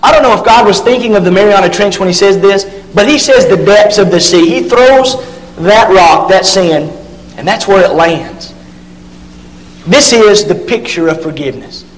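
A man preaching a sermon and reading scripture aloud, leaning hard on key words and drawing some of them out slowly. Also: high voice. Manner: emphatic, drawn-out stresses on key words. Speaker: pastor. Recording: long hall reverb.

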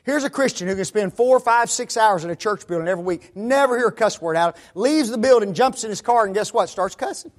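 Preaching to his congregation, a notably high-voiced man speaks animatedly, a little fast and with hardly any pauses. He keeps calling the listeners "folks" and wraps up each point with a rhetorical question.

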